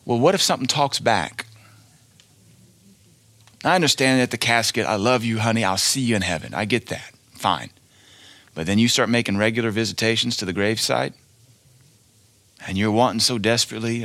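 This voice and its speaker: A man's voice: lowish voice, normal speed, a bit bright, no room sound. A male preacher giving a fiery sermon, blunt and scornful, hammering each point with emphatic declarations.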